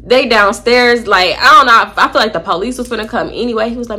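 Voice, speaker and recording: Bright, animated woman telling a story. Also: fairly high pitch, fast talker. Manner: animated, slangy and profane. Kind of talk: casual storytime vlog.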